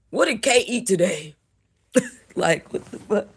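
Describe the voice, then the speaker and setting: A tired woman hosts her livestream in a loose, profane style, laughing as she reacts. Her voice has a gravelly edge and sits at a middle pitch. She talks casually and bluntly. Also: expressive, measured pace. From North Hollywood, California. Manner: loud, profane, laughing commentary. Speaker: livestream host.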